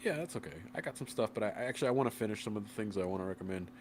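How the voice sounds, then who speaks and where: A man's voice: fairly low pitch, expressive, very fast, slight background noise. A man in his thirties with a cold, hosting a casual online chat show in a rambling, swearing way. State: sick with a cold. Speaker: podcast host.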